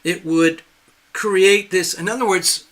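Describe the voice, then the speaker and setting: A man's voice: high voice, fairly even intonation, takes it slowly, fairly bright tone. A man giving a tarot reading on a live stream, earnest and reassuring, often checking in with the listener. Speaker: tarot reader.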